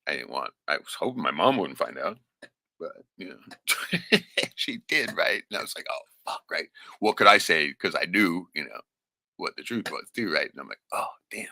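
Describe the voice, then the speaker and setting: A man's voice: low voice, sing-song, normal speed, gravelly, pushed and bright. A man telling a personal story in a rambling, profane, casual way, often checking in with "right?".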